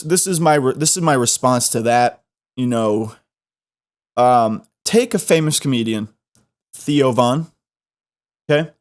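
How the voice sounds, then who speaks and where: Rambling young Midwestern man, faint twang. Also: medium pitch. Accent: faint Southern twang. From American Midwest. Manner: rambling and joking, with frequent restarts. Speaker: podcast host. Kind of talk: casual solo podcast chat.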